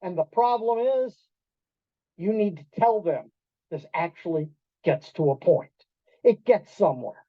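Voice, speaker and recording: A man giving a storytelling talk to an audience in a restaurant event room, animated, acting out quoted voices and quizzing the listeners. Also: sits high, a little slow, long pauses, dry recording. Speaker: keynote speaker. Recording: dull lo-fi dry sound.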